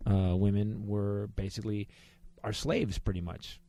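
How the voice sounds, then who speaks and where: A man hosting a comedy podcast, chatting casually and jokingly, with animated bursts of emphasis. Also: lowish voice, a little slow. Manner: animated, jokey, rising to loud outbursts. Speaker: podcast host.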